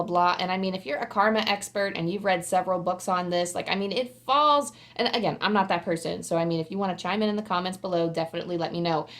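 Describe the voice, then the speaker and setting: A woman with a lowish voice gives a casual pick-a-card tarot reading facing the camera. She rambles in a chatty way, scattering "like" throughout and sometimes breaking into excited squeals.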